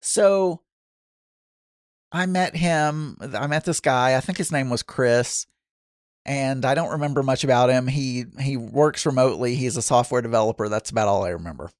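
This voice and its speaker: This podcast host from Arkansas has a mid-range voice at normal speed, captured in a dry, studio-quality recording. On his casual solo show he reads listener messages, chatting self-deprecatingly while laughing and restarting a lot.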